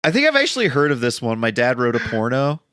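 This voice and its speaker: Young guy on a podcast, wry deadpan chat, dry close mic. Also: mid-range voice, fast, smooth, dry recording. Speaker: podcast co-host. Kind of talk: casual chat, reading out a list.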